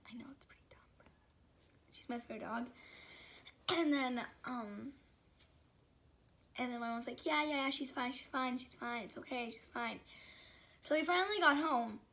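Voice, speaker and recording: A woman's voice: on the high side, fairly bright tone. A young woman telling a personal story in a casual, rambling way, full of fillers and restarts. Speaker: vlogger.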